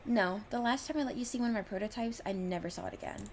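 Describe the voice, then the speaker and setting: A woman's voice: on the high side, fast talker, a little mellow, slight background noise, natural voice. A woman voicing a blunt, earnest young witch in a visual novel, in a matter-of-fact, literal way. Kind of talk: reading a visual novel aloud.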